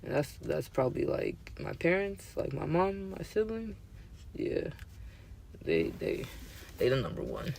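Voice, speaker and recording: A man's voice: a little high, wildly swooping pitch, unhurried, vocal fry, darkish tone, a little hiss or hum. A young man in his twenties hosting a podcast, talking in casual chat with slangy, profane language that gets heated. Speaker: podcast host.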